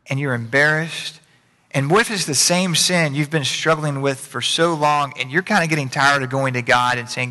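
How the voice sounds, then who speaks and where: In a church sanctuary with a long reverb tail, a pastor preaches in a medium-pitched, bright, forceful voice. He keeps the sermon casual and conversational, repeating phrases in a folksy way and shifting his speed for emphasis.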